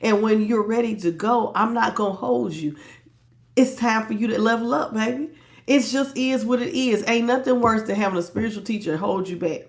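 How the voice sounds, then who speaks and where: A gravelly, somewhat high female voice at a moderate pace leads a casual tarot livestream. The adult host, beyond her youth, jokes and laughs often, greets people by name, and calls them "baby" and "child."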